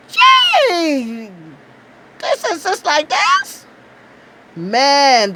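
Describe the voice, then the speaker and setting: Animated Bahamian woman telling a story. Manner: animated, outspoken, laughs often, acts out quotes in high bursts. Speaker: travel storyteller. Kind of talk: casual storytelling.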